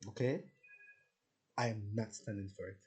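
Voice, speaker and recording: Brief: male vlogger, lowish voice, candid and profane, rambling monologue. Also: steady tone, moderate pace, darkish tone, rough recording. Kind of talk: rambling personal rant.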